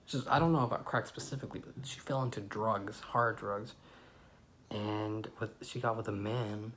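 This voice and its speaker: A young man vlogging, telling a rambling personal story in a casual, animated way with loud outbursts. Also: fairly low pitch, moderate pace, slight background noise.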